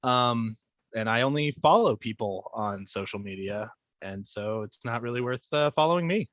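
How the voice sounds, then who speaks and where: A man's voice: mid-range voice, expressive, moderate pace, fairly bright tone, dry recording. A man introducing himself as a player in a tabletop game, playful and self-deprecating. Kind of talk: casual intro with a mock French accent.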